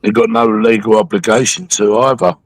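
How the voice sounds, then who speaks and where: A man with a low, gravelly voice chats casually as a guest on a stream and throws in blunt, sweary remarks. The sound is dry and close, with little room around it. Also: steady tone, a little fast, no room sound. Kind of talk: casual chat.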